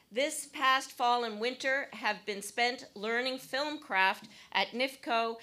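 A woman's voice: fairly high pitch, sharp tone. A woman hosting a storytelling event, reading out a guest's introduction in a friendly, joking way.

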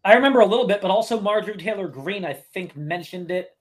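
A man's voice: high voice, lively intonation, fast. A man in a casual podcast discussion, arguing his points step by step. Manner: argumentative, lays out points. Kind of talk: casual podcast panel talk.

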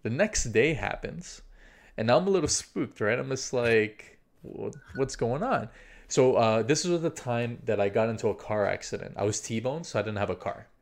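A man's voice: medium pitch, expressive, moderate pace, vocal fry. A young man casually telling a story, rambling with lots of fillers, swearing freely and acting out his own inner thoughts.

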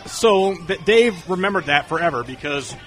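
A man's voice: high voice, normal speed. A man in casual conversation telling long stories, acting out the dialogue of the people in them. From North Carolina. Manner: animated, acts out quoted dialogue. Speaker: interview guest. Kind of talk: casual storytelling.

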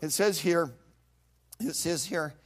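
A male preacher delivers a lively sermon and acts out his Bible story with voices and sound effects. His voice sits high for a man. He speaks to a church congregation. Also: takes it slowly. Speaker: pastor.

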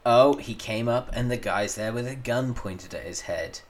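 A man's voice: mid-range voice, moderate pace. A man co-hosting a casual film podcast, retelling scenes with mocking asides. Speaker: podcast co-host. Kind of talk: casual film review chat.

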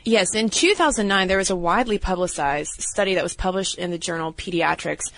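A woman co-hosting a podcast, telling stories in a lively, casual way with fillers. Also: lowish voice, fairly quick, no echo. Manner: animated storytelling with fillers. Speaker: podcast co-host. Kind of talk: casual chat.

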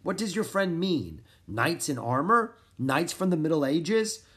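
Man doing a gruff grave farmer. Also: sing-song, measured pace, fairly bright tone. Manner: grave, commanding, booming at times. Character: grave older Frenchman, resistance farmer, gruff.

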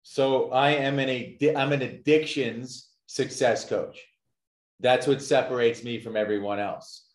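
A man tells his own story as a podcast guest, emphatic and given to repeating his points. His voice sits at a middle pitch. The room around him sounds echoey. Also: steady tone, unhurried. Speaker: guest, addictions success coach.

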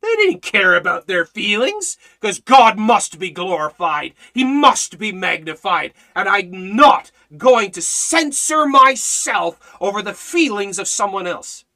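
Guy preaching hard, bright sharp voice, gets loud then drops low, keeps asking was he wrong. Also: big pitch swings, unhurried, hardly any pauses. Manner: exhorting, repetitive rhetorical questions; swings between loud shouting and low intensity. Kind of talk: fiery sermon.

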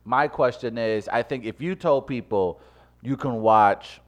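A man co-hosting a casual podcast chat, animated and quick when making his case, reading off lists. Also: mid-range voice. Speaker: podcast co-host.

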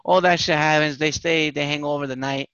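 A man's voice: on the high side, fairly even intonation, a little fast, fairly bright tone, clean tone, no echo, lo-fi sound. A man telling a story with animation on a casual podcast chat, swearing and repeating himself. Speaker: podcast host.

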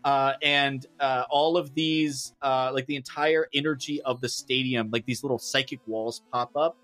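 A man's voice: medium pitch, steady tone, moderate pace, fairly bright tone, no echo, faint music behind. A man running a tabletop game as game master, narrating the action loosely with lots of fillers.

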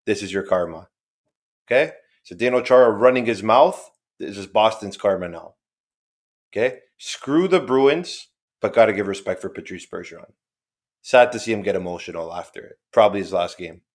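A man's voice: fairly low pitch, fairly quick. A man co-hosting a casual sports podcast, talking emphatically, ranting and swearing freely. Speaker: podcast co-host.

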